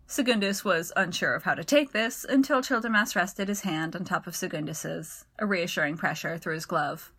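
A woman narrating a story in an even, clear storytelling manner. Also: fairly low pitch, moderate pace, hardly any pauses.

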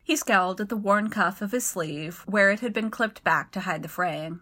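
A woman reads a story aloud in an even, clear storytelling manner. Her voice is bright and forward, with a middle pitch. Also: normal speed, few pauses. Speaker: narrator. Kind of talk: storybook narration.

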